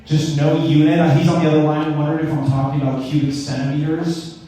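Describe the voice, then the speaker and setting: A man's voice: fairly high pitch, flat delivery, fairly quick, mellow. A young man doing a rambling, self-deprecating stand-up comedy set with stammered restarts. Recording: echoey room, mic heard from a distance.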